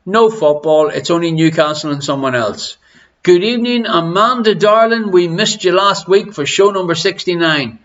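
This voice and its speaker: Irish male host, chatty and teasing, fairly high voice, lo-fi home stream sound. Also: a bit bright. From Ireland. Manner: chatty, teasing, greets viewers by name. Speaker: online quiz show host. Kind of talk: casual live-stream chat. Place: living room at home.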